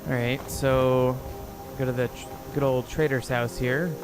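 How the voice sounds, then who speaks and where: A man's voice: mid-range voice, fairly even intonation, measured pace. Chatty man talking over a video game. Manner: chatty, rambling, with frequent fillers. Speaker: let's player. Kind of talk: casual gameplay commentary. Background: game music.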